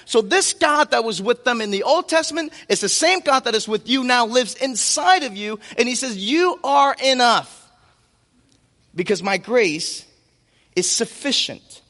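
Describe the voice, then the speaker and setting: A man with a very high voice preaches an impassioned sermon, leaning into key phrases by slowing right down. His voice rings out with long reverb, as in a large church hall. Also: bright, forceful tone. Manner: impassioned preaching with emphatic slow-downs.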